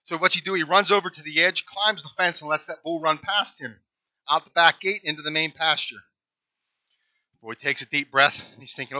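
A man's voice: on the high side, brisk, bright, forceful tone, no room sound, highs cut off. A male pastor telling a folksy story in a conversational sermon.

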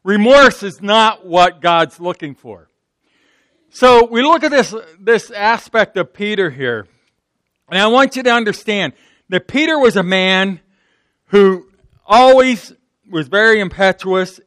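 A man's voice: sits high, lively intonation, a little slow, a bit bright, dry recording, clean studio sound. A man from Pittsburgh with a Pittsburgh accent, preaching a sermon in a conversational, folksy way, acting out the quotes. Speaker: pastor.

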